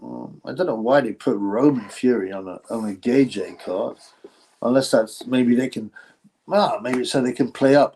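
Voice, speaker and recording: A man's voice: medium pitch, moderate pace, a little mellow, slightly rough, rough recording. A man hosting a casual boxing live stream, reading viewer comments and rambling through crude banter with fillers and chuckles. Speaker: boxing podcast host reading chat.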